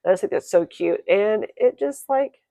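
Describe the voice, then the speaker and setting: A woman crochet vlogger chatting casually to her viewers, quick and self-correcting, her voice croaky today. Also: medium pitch, expressive, warm tone, no room sound. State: croaky, clearing throat. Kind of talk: casual chat to camera.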